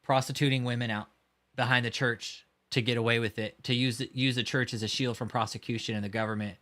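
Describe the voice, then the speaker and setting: Man hosting a live stream, mid-pitched, foul-mouthed and scornful, talking straight to chat. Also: fairly even intonation, quick pace, sharp tone. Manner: profane, mocking, heated. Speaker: livestream host. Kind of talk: casual livestream commentary.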